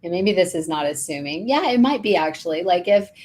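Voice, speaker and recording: A woman co-hosting a casual spiritual podcast, reflective and quick with soft affirmations. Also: lowish voice, lively intonation. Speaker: podcast co-host. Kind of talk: casual conversation.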